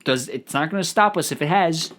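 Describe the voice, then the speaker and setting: A man hosting a solo comedic podcast, riffing out loud in a profane, stammering ramble. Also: on the high side, fairly quick, slight background noise. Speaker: podcast host.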